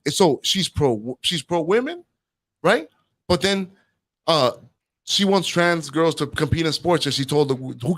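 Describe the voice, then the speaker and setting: A man's voice: on the high side, expressive, a little slow, a bit bright. A man hosting a casual opinion talk show, rambling and opinionated, tagging his points with "right?" and "man". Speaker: host.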